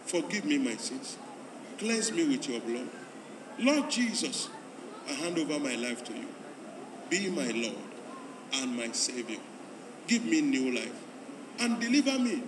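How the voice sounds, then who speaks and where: A fairly high, sing-song voice belongs to a pastor leading a convention altar call and prayer at a measured pace with long pauses. He urges people forward again and again, building to loud pleading; recorded from afar in an echoing hall amid crowd noise.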